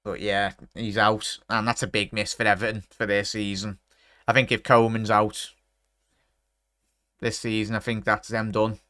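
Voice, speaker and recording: A man, chatting to his live chat during a football watchalong and breaking into excited shouts at big chances. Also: lowish voice, moderate pace, no room sound, clean studio sound. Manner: talks straight to his chat. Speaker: watchalong streamer.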